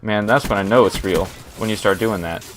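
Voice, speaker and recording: A young man with a lowish voice recounts a story in a loose, rambling way while he games. He keeps cutting himself off to react to the match. Faint gunfire sits underneath. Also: brisk, slight background noise. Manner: rambling, animated, breaks off to react to the game. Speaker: gaming storyteller. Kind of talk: story time over gameplay commentary.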